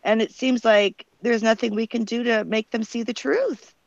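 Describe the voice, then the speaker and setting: A woman's voice: fairly high pitch, steady tone, moderate pace, gravelly, dry recording. An older woman from Canada, telling a long story on a group video call in an earnest, rambling way with many fillers. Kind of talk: casual online group call. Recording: dull, dry, lo-fi call audio.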